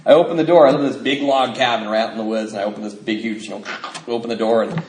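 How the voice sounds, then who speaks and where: A man's voice: lowish voice, very fast. A middle-aged man from the northwestern United States gives a personal recovery talk at a convention, acting out conversations in different voices as he tells his stories. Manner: lively storyteller who acts out conversations in a range of voices. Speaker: recovery meeting speaker. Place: convention hall. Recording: roomy hall with faint noise.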